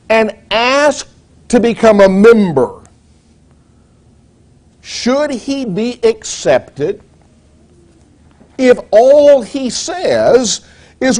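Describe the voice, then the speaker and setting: A man preaching a sermon in a measured, deliberate way, posing rhetorical questions to the congregation. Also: high-pitched, very animated, darkish tone.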